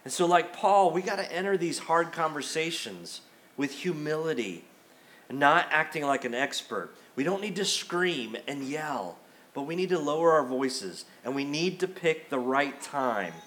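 A middle-aged male pastor preaches in a church, talking to the congregation in a conversational, emphatic way. His voice sits a little high for a man, and he acts out everyday quotes as he goes. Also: lively intonation, moderate pace, fairly bright tone. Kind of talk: sermon. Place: church sanctuary.

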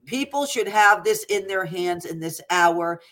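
A woman's voice: on the low side, animated, a little slow, a bit bright. Urgent, exhorting woman host. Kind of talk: ministry talk show.

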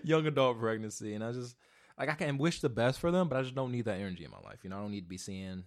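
A man in his twenties hosting a solo podcast, rambling and profane, going from mumbles to loud rants. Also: medium pitch, racing. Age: 20s. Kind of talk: casual solo podcast rant. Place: home, alone.

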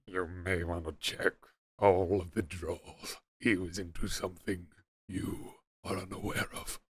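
A man voicing a mysterious figure who hints at hidden secrets in a low, slow, sinister way. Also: flat delivery, a little hiss or hum. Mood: ominous. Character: ominous secretive man hinting at dark family secrets.

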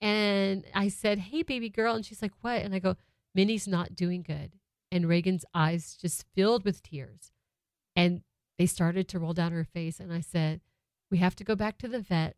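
A woman's voice: lowish voice, no echo, clean studio sound. Heartfelt woman telling a family story. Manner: heartfelt, emotional, conversational. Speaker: mother sharing a family story. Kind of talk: personal storytelling monologue. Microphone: microphone, close.

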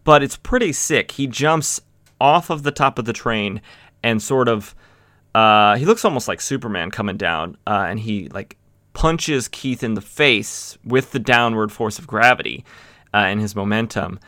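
A man hosting a comic book podcast, casually recapping an issue in a rambling way, with lots of "uh" and "you know" and quick acted-out quotes. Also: lowish voice, sharp tone, no echo. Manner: rambling, many fillers and restarts, acts out quotes.

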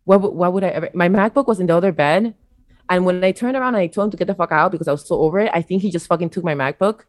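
A young woman telling a story in casual podcast chat, blunt and animated, swearing freely. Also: on the low side, racing, no echo. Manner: blunt, profane, animated retelling. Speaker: podcast co-host.

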